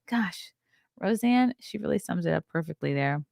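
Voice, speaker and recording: Woman, podcast host, tired, yawning, rambling casual chat, lowish pitch, dry sound. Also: animated, moderate pace, creaky, a little mellow, no room sound. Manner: chatty, rambling, reads chat aloud. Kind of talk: casual livestream chat with viewers.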